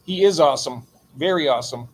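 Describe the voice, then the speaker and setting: A man's voice: on the high side, fast, slightly rough. Chatty older man hosting a late stream. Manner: chatty, greets chat members warmly by name. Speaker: livestream host. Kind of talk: late-night livestream chat. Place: home aquarium room.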